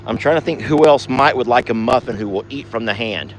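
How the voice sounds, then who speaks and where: A man hosting a casual ranch vlog outdoors at night, drawling to viewers and cooing in a high sing-song at his cows. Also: a little fast, slight background noise. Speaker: ranch vlogger.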